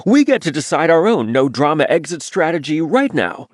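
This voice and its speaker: A man voicing a playful, eager young male hero in an audiobook, with a bright, teasing tone. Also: on the high side, sing-song, moderate pace, dry recording, clean studio sound. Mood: joking.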